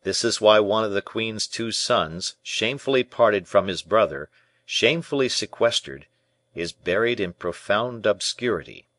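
Scheming bishop, low and commanding, measured, voiced by a male reader in an audiobook. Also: expressive, fairly bright tone, no echo. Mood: insistent. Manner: measured, insistent.

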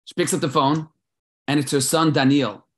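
A man hosting a children's prayer event, telling a story with dramatic swings between loud and soft. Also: fairly high pitch, steady tone, moderate pace, slightly rough. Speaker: host leading children in prayer.

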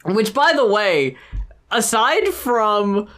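A podcast co-host talks through rap news in an easygoing chat. The delivery is dry and sarcastic, with plenty of swearing. The voice sits at a mid pitch. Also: big pitch swings, slow pace, fairly bright tone. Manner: dry, sarcastic, profane storytelling. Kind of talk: casual chat.

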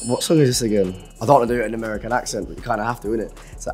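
Young man, casual chat, relaxed, laughing, apologetic. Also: fairly low pitch, very fast, hardly any pauses, soft background music. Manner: laid-back, laughs often, apologetic. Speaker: musician guest. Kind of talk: casual chat during a lyrics game.

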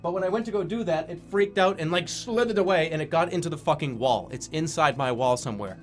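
A young man streams a video game in a fairly high voice, talking fast over soft background music. His let's-play commentary is casual and rambling, packed with swearing and frequent laughter.

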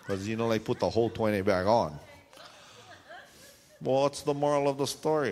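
A man preaching a sermon, telling a funny story and jumping into high squealing voices for the people in it. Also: moderate pace. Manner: animated, jumps into high squealing voices for the people in his stories.

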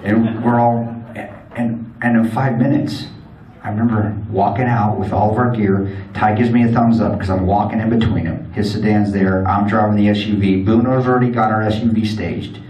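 A man's voice: on the low side, steady tone, normal speed, darkish tone. A man giving a speech to an audience, telling a war story in a blunt, joking, swaggering way. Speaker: guest speaker. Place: event hall. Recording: echoey hall from far off.

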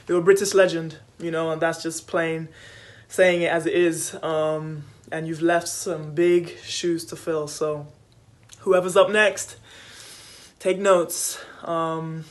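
A woman teammate sending a casual, playful then heartfelt video tribute from a hotel room. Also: sits low. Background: music playing.

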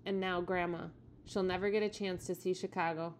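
A woman with a lowish voice reads a children's novel aloud to her students. Her delivery is steady and plain, a teacher's storytelling, with a little faint noise underneath. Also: fairly quick.

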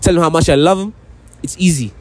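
A man's voice: on the high side, fast, a little mellow, a little hiss or hum, natural voice. A young man putting on an American country accent, playing a brash, boastful guy full of slang. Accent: put-on American country.

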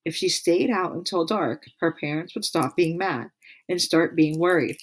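Storybook reader, woman, low-pitched, reads aloud with asides. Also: normal speed. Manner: laughs and adds comments between passages. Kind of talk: reading a children's book aloud.

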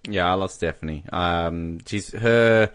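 A man's voice: sits low, unhurried, fairly bright tone, clear, resonant tone, no room sound. A man co-hosting a casual podcast chat in a laid-back way, with joking asides. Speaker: podcast co-host.

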